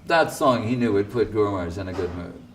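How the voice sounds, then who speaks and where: A male spiritual teacher, seated, giving a devotional sermon with provocative, animated storytelling and frequent laughter. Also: fairly low pitch, quick pace, far from the mic, slight background noise. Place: indoor temple hall, seated.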